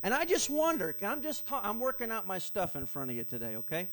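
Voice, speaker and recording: A man preaching a sermon to his congregation, swinging from loud, passionate rises to quiet asides and putting questions straight to the room. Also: sits high, a little fast. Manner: animated preaching with sudden loud rises and soft drops; asks the congregation questions directly. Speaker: pastor.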